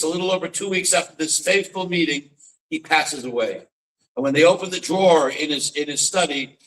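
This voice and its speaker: A man's voice: high voice, bright, forceful tone, far from the mic, rough recording. A man, a rabbi and author, giving a dramatic storytelling lecture to an audience, weaving in Yiddish phrases and often restarting his sentences.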